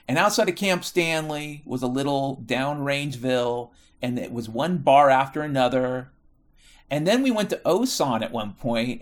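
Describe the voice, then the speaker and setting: Middle-aged man, American, casual monologue; swears freely, wanders, corrects himself mid-sentence. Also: medium pitch. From United States. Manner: profane, rambling, self-correcting.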